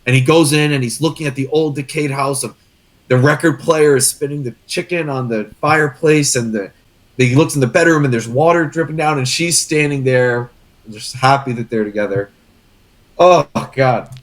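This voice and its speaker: A man's voice: medium pitch, moderate pace. A young man chatting casually on a podcast, earnest and rambling, getting emotional as he talks. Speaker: guest co-host.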